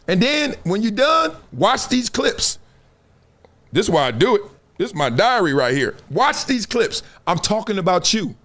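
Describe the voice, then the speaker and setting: A man's voice: high voice, big pitch swings, measured pace, fairly bright tone. A middle-aged man hosting a show, giving an emphatic, preachy commentary monologue with rising exhortations. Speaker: show host.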